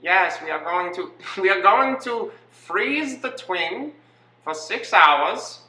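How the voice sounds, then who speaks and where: Man faking a German accent, evil scientist, slow drawl, bright tone, roomy echo. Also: high voice, expressive, voice pushed up, heavily acted. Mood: sinister. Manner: slow menacing mock accent. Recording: echoey room, faint noise.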